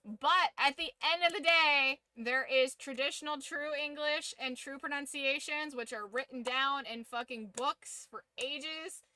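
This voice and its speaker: A woman's voice: sits high, a little slow, hardly any pauses, bright, forceful tone, no echo. A woman hosting a casual livestream, giving an opinionated, profanity-laced rant. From United States. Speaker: streamer and channel host.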